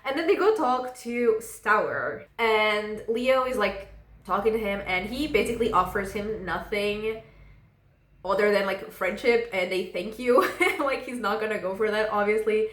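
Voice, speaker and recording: A woman's voice: medium pitch, measured pace, a bit bright, roomy sound. A woman casually recapping a novel for her book vlog, rambling and filling gaps with "like". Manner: rambling, fills with "like". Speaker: book vlogger.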